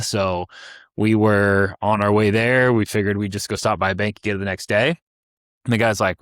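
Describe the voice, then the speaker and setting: A man's voice: lowish voice, steady tone, brisk, fairly bright tone, clear, resonant tone, no room sound, studio quality. A young American man co-hosting a podcast, telling a personal travel story in a rambling way with many restarts. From United States. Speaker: podcast co-host.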